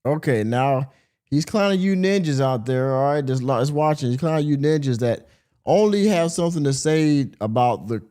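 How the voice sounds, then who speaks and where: A man's voice: medium pitch, expressive, moderate pace, warm tone. A man hosting a podcast, giving casual reaction commentary in a rambling way, full of fillers. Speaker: podcast host.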